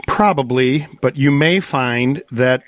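A man's voice: mid-range voice, takes it slowly, no echo. A man hosting a call-in radio show, upbeat and folksy, explaining things plainly. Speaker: radio host.

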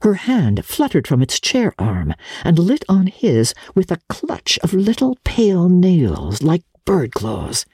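Slow, husky literary narrator. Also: mid-range voice, dry recording, studio quality. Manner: measured, expressive reading. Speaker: audiobook narrator.

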